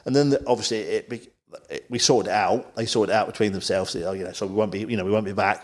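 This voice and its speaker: A man's voice: on the low side, steady tone, fast, few pauses. A man from the Isle of Wight, a podcast guest telling a long story in casual, rambling chat. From England, Isle of Wight. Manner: rambling, full of "you know" asides.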